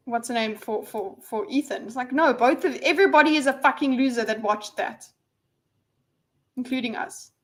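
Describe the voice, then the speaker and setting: A woman's voice: fairly high pitch, normal speed. A woman hosting a casual livestream, rambling and reading viewers' messages aloud with lots of fillers and restarts. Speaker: livestream host.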